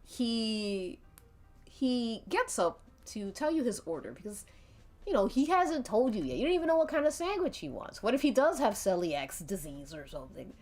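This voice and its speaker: A woman's voice: a little high, big pitch swings, normal speed, darkish tone. A woman narrating a tabletop game as game master on a live stream, giggling often between lines. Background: faint background music.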